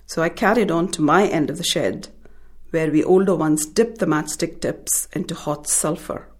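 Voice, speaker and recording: A woman from India, an author, talking about her short story and then reading it in a measured, thoughtful way. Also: low voice.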